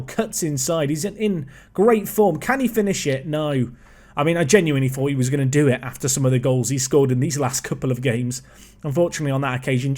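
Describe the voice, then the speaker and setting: Slightly high-voiced guy narrating his football manager save, chatty, talks to himself a lot. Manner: chatty, excitable play-by-play with self-talk. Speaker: gaming YouTuber. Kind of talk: casual game commentary.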